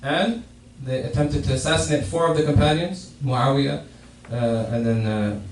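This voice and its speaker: At a moderate pace and fairly high pitch, a man explains a hadith in his Friday sermon, repeatedly restarting and repeating phrases. It takes place in a mosque prayer hall, recorded with a distant mic in an echoey space with faint noise.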